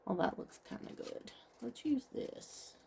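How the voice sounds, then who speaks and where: A woman's voice: unhurried, a little mellow, slight background noise. A woman craft vlogger chatting casually with viewers as she talks through each step of her project. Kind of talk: casual craft tutorial chat.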